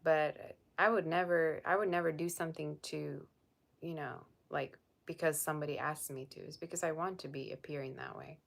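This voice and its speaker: Low-voiced lady doing a live tarot stream, blunt and sassy, answering chat. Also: steady tone, moderate pace, creaky. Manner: sassy, blunt, reads chat comments aloud.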